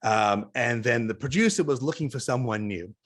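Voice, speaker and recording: Middle-aged Australian man, interview guest, animated anecdotal delivery over a video call. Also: medium pitch, normal speed. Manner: animated, chatty anecdotes with asides. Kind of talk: casual storytelling interview.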